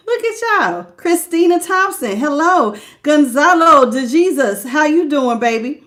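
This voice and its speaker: A woman with a high, bright-pitched voice hosts a live-stream tarot reading. She talks in a casual, folksy way, greets her viewers one by one by name, and laughs often between card pulls. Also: expressive, a little slow. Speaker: tarot reader.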